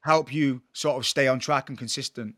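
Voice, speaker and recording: A man's voice: medium pitch, steady tone, moderate pace, a bit bright. A man hosting a podcast, interviewing a friend in an upbeat, encouraging, slangy way. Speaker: podcast host.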